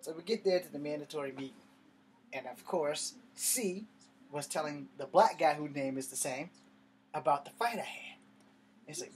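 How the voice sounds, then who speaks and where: A young man doing stand-up storytelling in an animated, profane, conversational way. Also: fairly high pitch, normal speed, slight background noise. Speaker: comedian.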